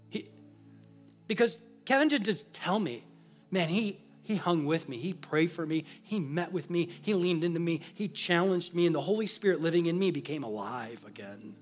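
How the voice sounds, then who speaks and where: A man preaching a sermon as a pastor and sharing a personal testimony, earnest and confessional, moving between hushed and emphatic delivery. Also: a little high.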